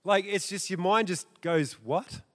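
A man preaching a sermon in a church, theatrical and animated, his loudness rising and dropping. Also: a little high, normal speed. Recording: echoey church hall.

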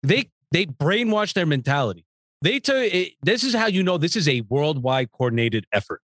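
A man co-hosting a podcast, blunt and animated in casual chat. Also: on the high side, moderate pace, dry recording, clean studio sound. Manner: loud, blunt and animated, laughs often. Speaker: podcast co-host.

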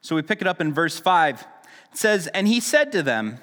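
A man's voice: on the high side, sing-song, normal speed, fairly bright tone, in a large hall. A man preaching a sermon in a casual, conversational teaching style, with frequent restarts and asides. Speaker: pastor.

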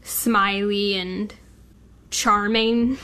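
Slow, flat-toned woman in casual chat. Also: medium pitch, clean tone. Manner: slow and even, with short agreeing replies. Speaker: podcast co-host. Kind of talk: casual chat reviewing a TV episode.

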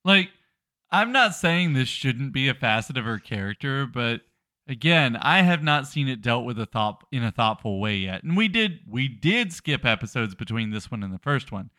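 A man's voice: medium pitch, sing-song, normal speed, pushed and bright, dry recording, clean studio sound. A young adult man co-hosting a podcast in casual chat, wry and playfully indignant. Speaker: podcast co-host.

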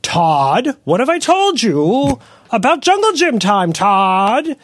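A man voicing an exasperated parent who yells at a child and pleads with them in a shrill, strained way. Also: sing-song, slow pace, dry recording, studio quality, exaggerated voice. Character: exasperated parent yelling at a child, losing control.

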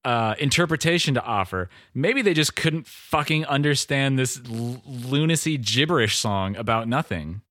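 Dry-voiced sardonic podcast host. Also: male voice, medium pitch, expressive, moderate pace, hardly any pauses, a bit bright, dry recording. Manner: sardonic, laughs often. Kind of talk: casual chat.

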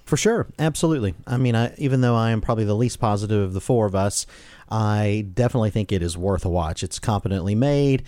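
A man co-hosting a casual talk show, measured and wry. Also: lowish voice, mellow, no room sound. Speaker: podcast co-host. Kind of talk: casual chat.

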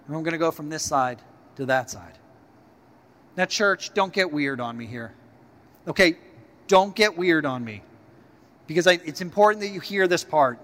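A man preaching a sermon as pastor, talking in a conversational, animated way and telling stories to his church. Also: fairly high pitch, long reverb tail.

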